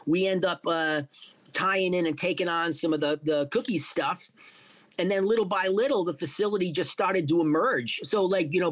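High-voiced, profane storyteller man. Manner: profane, animated storyteller acting out quotes. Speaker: guest, cannabis entrepreneur. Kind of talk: casual interview storytelling.

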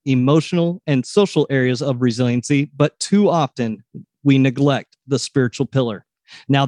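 A man's voice: mid-range voice, dark tone, no room sound. Chatty male podcast host, dry sound. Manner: chatty, folksy, with frequent restarts. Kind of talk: casual podcast interview.

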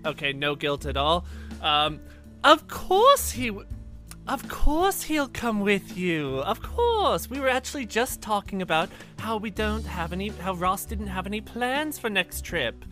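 A woman, a player in a tabletop game, chatting in a lively, teasing way. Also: medium pitch, unhurried, soft background music. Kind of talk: casual chat during a tabletop game.

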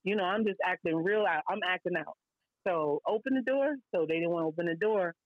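A woman's voice: lowish voice, a little fast, no echo, narrow, tinny audio. Blunt New woman telling a story. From Brooklyn, New York. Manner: lively, blunt, heavy slang and asides. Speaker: guest. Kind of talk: casual storytelling on a podcast.

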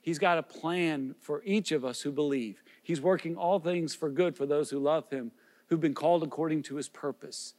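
A man's voice: on the high side, moderate pace, darkish tone, in a large hall. A man preaching as a pastor, earnest and pleading, with repeated questions and small restarts. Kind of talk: sermon.

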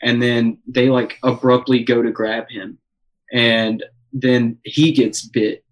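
Excitable young man telling a story. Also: medium pitch, takes it slowly, poor audio. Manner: excited, swears a lot, many fillers. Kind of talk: casual storytelling chat.

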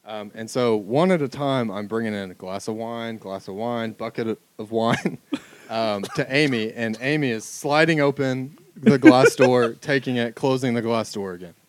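A man telling a funny story in a casual chat, animated and laughing often. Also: medium pitch, moderate pace, slight background noise.

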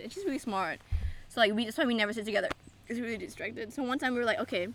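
A young woman chatting casually with a friend, telling stories in an animated, giggly way. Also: fairly high pitch, slight background noise. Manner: giggly, animated storytelling, frequent laughter. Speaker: friend answering questions. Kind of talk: casual chat.

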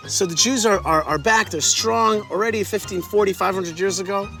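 A man with a notably high voice leads a tour through a historic site outdoors, telling history with animated energy. He tosses quiz questions to his listeners as he goes, while faint music plays underneath. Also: brisk, vocal fry. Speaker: tour guide. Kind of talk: history lesson told on a tour.

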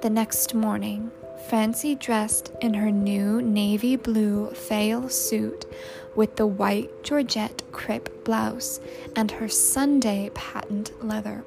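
A woman reading a novel aloud in measured, unhurried narration. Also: mid-range voice, vocal fry. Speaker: audiobook narrator. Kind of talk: scripted narration. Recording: loud music under the narration.

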